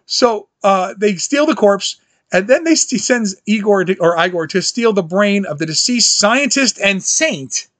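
Brief: animated man hosting a chatty film recap, high bright voice, dry close sound. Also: unhurried, no echo. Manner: animated, quotes scenes in jumpy high voices, laughs often. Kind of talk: casual film recap chat.

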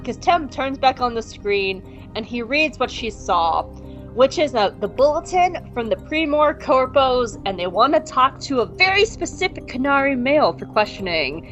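A woman co-hosting a podcast, recapping an episode in a casual, animated and profane way. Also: fairly high pitch. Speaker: podcast co-host.

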